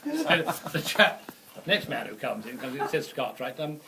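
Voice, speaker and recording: A man's voice: medium pitch, very animated, moderate pace. A man telling a long joke after dinner, rambling along as a storyteller. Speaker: joke teller. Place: dinner table on holiday. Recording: distant voice, noisy dinner table.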